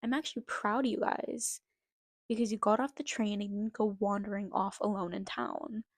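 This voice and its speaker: A woman voicing a kindly old male Santa in a storybook, calm and gently reassuring. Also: mid-range voice, normal speed, gravelly, no room sound, studio quality.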